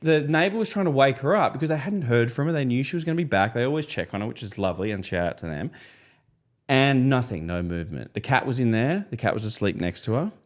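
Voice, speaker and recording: A man in his thirties, a podcast co-host from Australia, telling a long story in casual chat and jumping into high voices when he quotes people. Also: lively intonation, fast.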